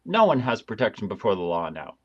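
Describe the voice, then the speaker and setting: A man hosting a live stream, reading through a document and twisting it sarcastically, halting often with fillers. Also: lowish voice, sing-song, muffled recording. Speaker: host.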